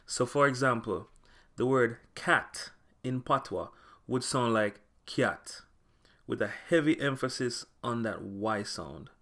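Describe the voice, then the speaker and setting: A man narrating a scripted language lesson, speaking clearly and slowing down to spell out example words. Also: medium pitch, fairly bright tone. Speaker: language teacher.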